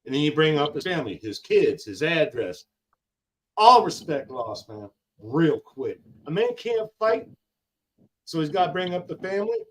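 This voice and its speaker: Older man with grandkids, guest on a talk stream. Emphatic, slangy, lively pitch. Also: normal speed, slight background noise. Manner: heated, emphatic, slangy, repeats lines for effect. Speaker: guest on a live gig-driver talk show. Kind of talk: casual live-stream chat.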